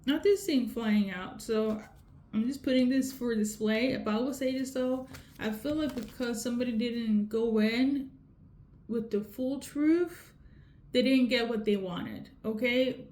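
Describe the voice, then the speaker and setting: Tarot reader, female, fairly high voice, chatty, keeps asking "okay?", roomy echo with faint hiss. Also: unhurried, a little mellow. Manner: repeats "okay?" often, conversational. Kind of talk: casual tarot reading. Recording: echoey room with faint noise.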